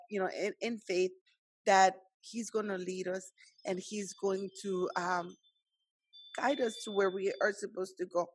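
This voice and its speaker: A woman hosts a faith-based conversation, encouraging and earnest as she searches for her words. Her voice sits in a middle pitch, and the sound is dry and close. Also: no room sound. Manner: encouraging, earnest, with many restarts.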